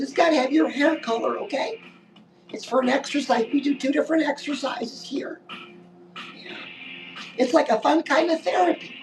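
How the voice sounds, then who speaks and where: A woman's voice: high voice, gravelly, a little mellow, distant mic, rough recording. A woman giving a chatty live-stream pep talk as a life coach, keeps calling the listener "girl" and saying "listen".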